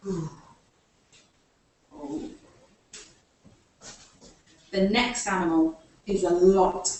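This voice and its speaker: A woman with a medium-pitched, slightly mellow voice leads a live story time for young children, playfully inviting them to join in with actions. She sounds far from the mic in an echoey room.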